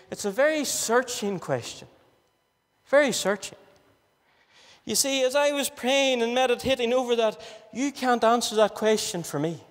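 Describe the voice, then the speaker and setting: Earnest preacher, high voice. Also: male voice. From Northern Ireland. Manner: repeats questions insistently, earnest pleading. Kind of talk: gospel sermon. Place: church hall. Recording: reverberant church hall.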